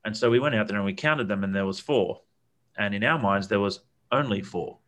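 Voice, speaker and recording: A man's voice: fairly low pitch, brisk, fairly bright tone. A man, telling a long, rambling camping story in a casual chat, with lots of fillers and repeated words.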